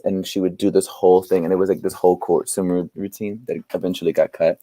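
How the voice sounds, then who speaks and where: Animated, laughing man telling stories. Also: low voice, fast talker, few pauses. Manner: animated storyteller who laughs often. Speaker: guest playwright and performer. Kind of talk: storytelling in an interview.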